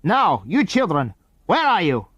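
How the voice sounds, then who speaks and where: A man voicing a suspicious, menacing foreign enemy man who interrogates children in a storybook reading, slow and commanding. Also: a little high, sing-song, dry recording, pitched above the performer's own voice. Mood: stern. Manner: stern, commanding, slow and deliberate.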